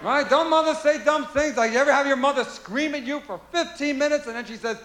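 A man's voice: very high voice, a little fast. A male stand-up comedian performing a routine on a live stage, firing rhetorical questions at the audience. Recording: echoey live venue with crowd noise.

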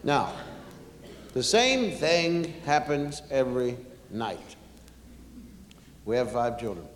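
A male comedian telling a family story on stage, unhurried and chatting directly with the audience. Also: mid-range voice, lively intonation, slight background noise. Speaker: stand-up comedian. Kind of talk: stand-up storytelling. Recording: echoey hall with long reverb.

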